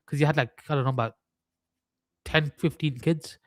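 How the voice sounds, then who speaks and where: A man's voice: fairly high pitch, steady tone, moderate pace, dry recording. A young man hosting a live trading stream, mixing chart analysis with rambling, mock-serious joking rants.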